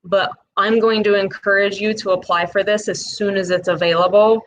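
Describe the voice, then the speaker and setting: A woman's voice: medium pitch, flat delivery, poor audio. Chatty Midwestern woman explaining loans. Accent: Midwestern American. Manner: chatty and direct, with fillers and quick asides. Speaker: host explaining a small business loan program. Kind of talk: casual explainer talk to camera.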